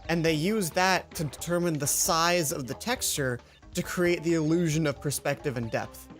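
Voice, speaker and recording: A man with a slightly higher voice talks through a video game in loose, rambling commentary. He gets excitable as he explains things. Clear game music plays under him the whole time. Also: moderate pace. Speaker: co-host of a gaming video series. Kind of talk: casual gaming commentary. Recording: game music playing behind.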